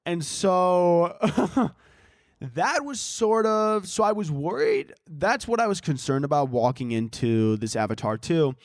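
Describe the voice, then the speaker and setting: A man's voice: high-pitched, very animated, slow pace, no room sound, clean studio sound. A man in his twenties hosting a podcast, rambling through a profane, self-interrupting comedic monologue. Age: 20s. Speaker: podcast host.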